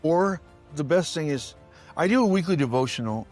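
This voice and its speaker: Emphatic preacher man, higher voice. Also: lively intonation, moderate pace, darkish tone, faint music behind. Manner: emphatic preacher cadence, repeats phrases. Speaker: guest, former pastor. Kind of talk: storytelling interview talk.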